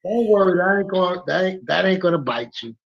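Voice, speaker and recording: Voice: mid-range voice, expressive, fairly quick, gravelly, husky. A guest streamer in casual livestream chat, laid-back and agreeable, using slang, heard over a muffled lo-fi call.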